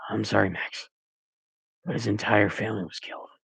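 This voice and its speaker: A man voicing a stern, grieving police chief father, speaking low and heavy. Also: a little slow, creaky, breathy edge, no echo, exaggerated voice. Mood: grave. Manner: low, hushed, heavy delivery.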